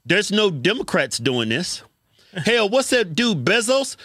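A man co-hosting a reaction show, crude and teasing, breaking into high laughs. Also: very animated, measured pace, a bit bright, dry recording, studio quality. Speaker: co-host reacting to clips. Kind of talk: casual commentary chat.

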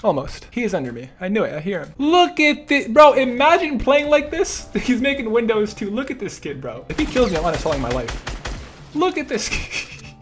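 A man's voice: extremely high pitch, very animated, normal speed, fairly bright tone, slight background noise. A young man giving live gameplay commentary, joking, trash-talking opponents and laughing often. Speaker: gaming YouTuber.

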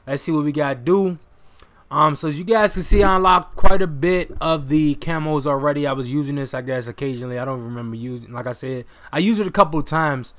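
Young male gamer, live commentary; slightly high voice, excitable, curses and yells at plays. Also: fast. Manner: excitable, swears, bursts into shouts. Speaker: gaming commentator.

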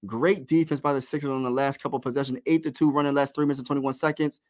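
A man calling live basketball play-by-play as a fan host, excited and partisan, dropping slang and talking straight to his chat. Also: medium pitch, rapid-fire, few pauses.

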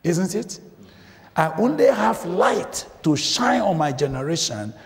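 A man's voice: high-pitched, big pitch swings, a little slow. A man preaching a sermon, emphatic and questioning his listeners, often repeating phrases for weight. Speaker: guest preacher. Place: church. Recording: church recording with long reverb.

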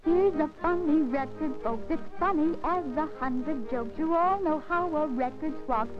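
A perky country performer, high and unhurried, rhyming sing-song over a brass band, vintage soundtrack. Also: female voice. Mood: playful. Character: perky country woman leading a rhyming novelty act. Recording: dull 1940s film soundtrack with loud band music.

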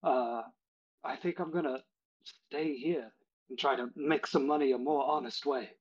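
An actor playing a timid young henchman who talks haltingly, stammering over his words. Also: medium pitch, breathy edge. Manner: hesitant, stammering. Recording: dull lo-fi recording.

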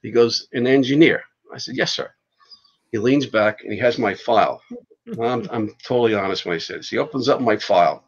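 A man, a podcast guest and fire chief, telling stories in a casual, animated way and swearing freely. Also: fairly low pitch, brisk. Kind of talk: casual storytelling. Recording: dull lo-fi podcast audio.

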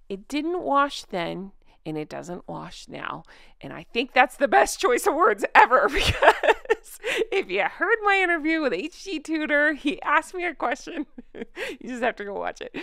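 A woman's voice: sits high, fairly bright tone, no echo, studio quality. A woman hosting a commentary vlog, sarcastic and scornful, laughing often. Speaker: royal commentary channel host.

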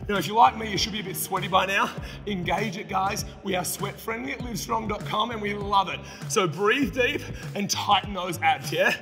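A man's voice: sits high, normal speed. A young Australian man who works as a fitness instructor, coaching a follow-along workout with upbeat, encouraging cues and countdowns. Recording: long reverb, music behind.

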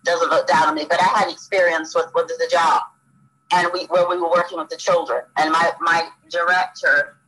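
A woman's voice: fairly low pitch, flat delivery, normal speed, pushed and bright, poor audio. A woman author as an interview guest, talking casually, often stopping to search for words and laughing.

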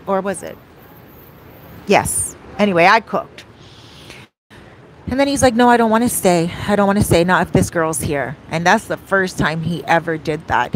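A woman vlogger telling a personal story in a casual, animated way, acting out the lines of the people she quotes. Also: on the low side, slight background noise. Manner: animated retelling, acts out quoted dialogue. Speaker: vlogger and rental host. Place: home in a beach town, outdoor traffic faintly behind.

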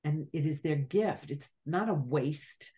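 Podcast guest: middle-aged woman, deep voice, unhurried, reflective spiritual storyteller with halting restarts. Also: expressive, mellow.

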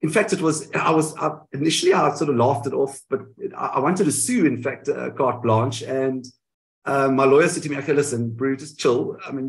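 A man in a candid interview, telling his side of events in an animated way and often correcting himself mid-sentence, heard over a video call. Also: mid-range voice, low-quality recording. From South Africa. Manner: animated storytelling, frequent self-corrections. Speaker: guest.

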